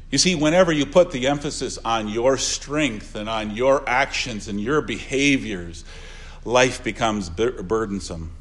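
An older man, a pastor, preaching an earnest funeral sermon, repeating phrases and swinging between soft asides and louder emphasis. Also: medium pitch, unhurried.

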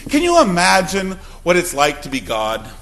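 A male pastor preaching a sermon, swinging between emphatic outbursts and quiet, low asides. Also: huge pitch swings, moderate pace. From Wisconsin. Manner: emphatic preaching with sudden loud and soft swings.

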